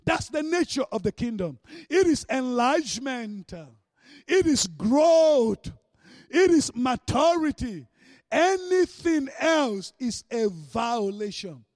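A man preaching a sermon with great energy, swinging between shouts and hushed mocking asides. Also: very high-pitched, very animated, slow, dry recording, studio quality.

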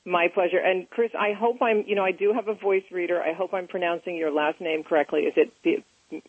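A woman hosting a talk show, reading a scripted introduction and then chatting warmly with her guests. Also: lowish voice, steady tone, fairly quick, slightly rough, no room sound. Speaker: radio show host. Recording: phone-line audio.

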